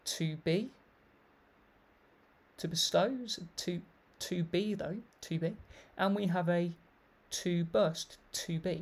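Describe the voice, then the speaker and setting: This man, a literary researcher, walks through his thesis in an explanatory video, reading passages and commenting on each. His voice is fairly high-pitched and creaky.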